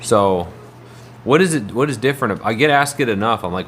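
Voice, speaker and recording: A man's voice: on the low side, lively intonation, a little fast, a bit bright, a little hiss or hum. A man livestreaming, chatting casually in a rambling way and answering his viewers' messages.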